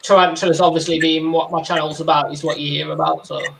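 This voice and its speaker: A man's voice: a little high, little pitch movement, fast, creaky. A man, chatting casually with restarts and stories. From West Midlands, England. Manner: chatty, storytelling, stammering restarts. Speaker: tarantula keeper and channel host. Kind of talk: casual chat on a video call. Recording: noisy background hiss.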